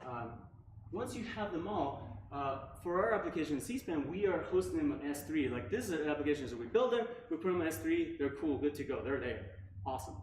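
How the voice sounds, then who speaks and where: A man with a slightly high voice gives a relaxed tech talk at a meetup, leaning on filler words and asking the room "right?" often. The sound is echoey, as if recorded in a room, with faint noise underneath. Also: fairly quick. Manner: casual, filler-heavy, frequent "like" and "right?". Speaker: meetup speaker.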